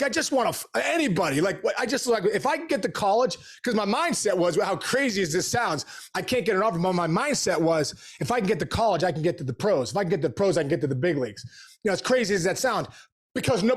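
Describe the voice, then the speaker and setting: A middle-aged man talks as a guest in a casual interview, his voice pitched high for a man. He rattles through his stories at a quick clip, animated and full of slangy asides. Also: husky. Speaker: podcast guest, former pro baseball player.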